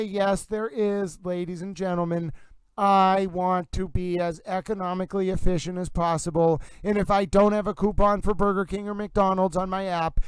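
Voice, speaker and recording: A man hosting a livestream about a trial, talking in a mock-grandiose, drawn-out sports-announcer manner. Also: high voice, smooth, no echo. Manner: pompous, drawn-out announcer delivery. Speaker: livestream host covering a trial.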